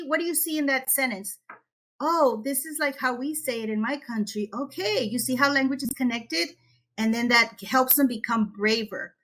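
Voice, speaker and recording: Lively woman expert, webinar guest; crisp bright voice, upbeat teacher energy. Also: a little high. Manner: energetic, animated teacher talk. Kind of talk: webinar presentation. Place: Texas.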